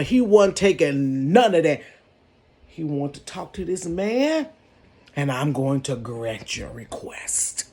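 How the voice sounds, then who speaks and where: A woman telling a story from her bedroom in a sassy, animated way, calling her viewers "baby" and "honey". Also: sits low, slow. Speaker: storytelling vlogger. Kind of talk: casual storytime.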